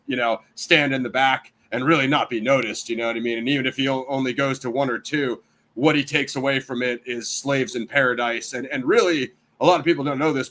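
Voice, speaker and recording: A man's voice: mid-range voice, bright, forceful tone. American male panelist, chatty and rambling, mid-range voice, casual discussion. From United States. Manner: rambling, heavy on "you know" and "I mean". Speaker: panel guest.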